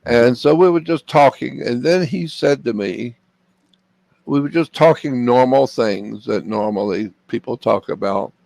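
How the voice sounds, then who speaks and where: Older man from Florida, gravel in the voice, dry close sound, earnest storyteller. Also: medium pitch, measured pace, darkish tone, no echo. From Florida, USA. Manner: earnest, repeats phrases for emphasis. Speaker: interview guest. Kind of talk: personal storytelling.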